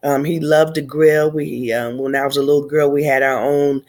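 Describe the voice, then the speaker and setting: A woman in her fifties, slightly nasal from a cold, speaking haltingly through grief in a personal video diary. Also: low-pitched, flat delivery, a little mellow. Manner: tearful, halting, reflective. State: congested from a cold. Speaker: vlogger.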